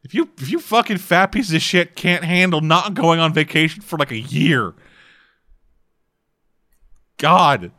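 A man's voice: a little high, expressive, unhurried, long pauses, pushed and bright, dry recording, studio quality. Rambling, profane male podcast co-host. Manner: rambling, profane, laughs often. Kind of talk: casual chat.

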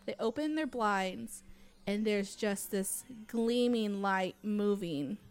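A young woman casually recounting a scary night to friends, animated and full of fillers, swearing freely. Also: mid-range voice, slow, clean tone. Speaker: storyteller. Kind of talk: casual chat.

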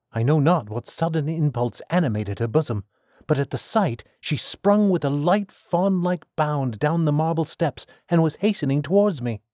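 A man narrates a classic tale in the first person, measured and expressive. His voice sits at an ordinary pitch, recorded close and dry with no room sound. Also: dry recording. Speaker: audiobook narrator. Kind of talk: scripted narration of classic fiction.

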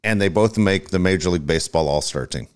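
A man co-hosting a casual sports talk show, swearing freely and telling animated stories. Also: low voice, fast. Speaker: co-host.

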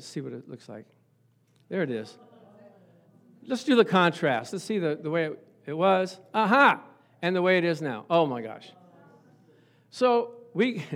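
Man, preacher, sermon, animated storytelling, slightly high voice. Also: moderate pace, long pauses. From Italian family background. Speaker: pastor.

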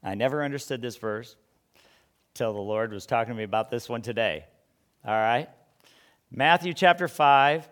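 A man's voice: medium pitch, moderate pace, long pauses, a bit bright. A man preaching a sermon in a conversational way, full of rhetorical questions and stumbling restarts.

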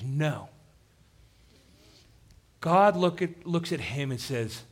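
A pastor delivers a sermon in a slightly high-pitched voice. He talks in a direct, engaged way, pushes hard on key points, then drops low and quiet to drive them home. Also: animated, drawn-out words, long pauses. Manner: dynamic preaching, drops to quiet emphasis.

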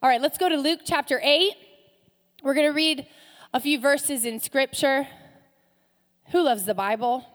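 A woman pastor preaching a sermon, animated, repeating phrases and tossing in joking asides. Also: sits high, a little slow, pauses often, in a large hall. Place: church sanctuary.

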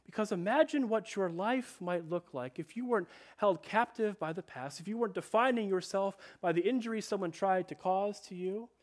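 A male pastor giving a sermon, earnest, slowing down and dropping to a hush on key phrases. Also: high-pitched.

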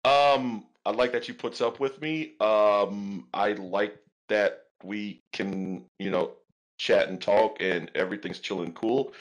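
A man who is a guest on a casual podcast chat, who answers hesitantly with many pauses and dry, short replies. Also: on the low side, poor audio.

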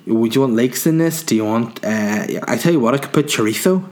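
A man's voice: mid-range voice, brisk, a little mellow, close to an everyday voice. A man voicing a chatty middle-aged woman who makes sandwiches and uses fussy, overly fancy pronunciation.

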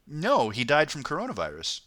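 A man's voice: on the high side, huge pitch swings, a little fast, pushed and bright, no room sound. Chatty stammering man hosting a podcast. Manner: chatty, stammering restarts, laughs often. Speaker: podcast host reading news. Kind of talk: casual chat.

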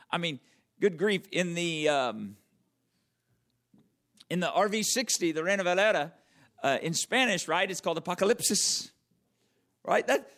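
A man preaching a conversational sermon, checking in with the audience with frequent questions and slowing right down to stress key words. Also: high-pitched. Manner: wide swings in loudness and emphasis, drawn-out slow words. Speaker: pastor.

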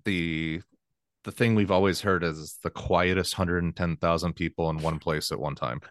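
Deep-voiced man in casual sports chat. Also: steady tone, normal speed, no echo, clean studio sound. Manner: rambling, self-correcting, laughs easily. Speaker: podcast co-host.

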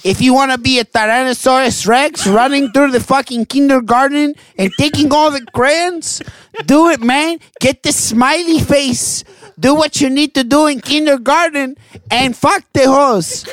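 A man's voice: sits high, normal speed, no echo, natural voice. A man improvising a brash, foul-mouthed rambling guest with a put-on southern accent, in a comedy interview. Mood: fired up. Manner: rambling, swearing, flips between put-on southern and other accents. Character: brash foul-mouthed man claiming to be a musician who lived under a tree.

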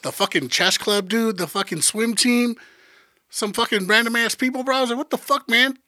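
A man's voice: high-pitched, moderate pace, pushed and bright, no echo, studio quality. A man co-hosting a podcast, ranting in crude slang during casual banter. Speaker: podcast co-host.

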